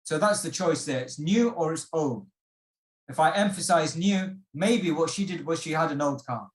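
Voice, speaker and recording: A man with a somewhat high voice teaches an online exam-prep class. He explains patiently, with plenty of fillers and restarts, and keeps asking the class questions. His voice sounds echoey, as if from a bare room over a video call. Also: normal speed. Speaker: IELTS workshop instructor. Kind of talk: online lesson.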